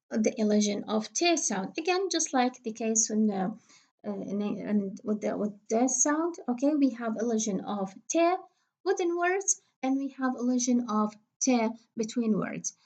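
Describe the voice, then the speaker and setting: A woman teaching English pronunciation in a recorded lecture, patiently repeating example words slowly with frequent fillers. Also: a little high, a little mellow.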